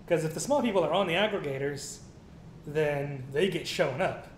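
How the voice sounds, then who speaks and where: Man, somewhat high voice, ranting casual news commentary, swears, echoey room. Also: normal speed. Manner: ranting, profane, reads news items aloud. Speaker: co-host. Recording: echoey room with faint rumble.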